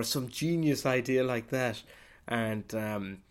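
A slightly low-voiced man holds forth in a comic monologue as a priest character. He rambles, swears, and bursts out loudly now and then. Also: measured pace. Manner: rambling, sweary, with sudden loud outbursts. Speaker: podcast host.

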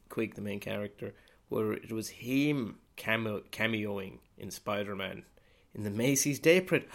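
A man, hosting a podcast and delivering a rambling comic monologue in character as a priest, swearing and breaking into sudden loud outbursts. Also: medium pitch. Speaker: podcast host.

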